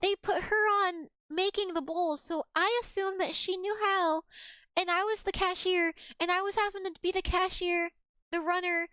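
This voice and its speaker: A woman's voice: extremely high pitch, steady tone, moderate pace, a bit bright, dry recording. A young adult woman streamer telling work stories in a casual, profane way, often laughing as she goes. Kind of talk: casual storytelling on a game stream.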